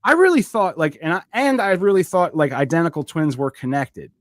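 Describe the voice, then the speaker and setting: A man co-hosts a comedy podcast, trading jokes and teasing his friends. His pitch swoops all over and sits a little high. The sound is close and dry. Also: a little fast, no room sound. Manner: joking, animated, playful voice impressions. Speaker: podcast co-host. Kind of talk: casual comedic podcast banter.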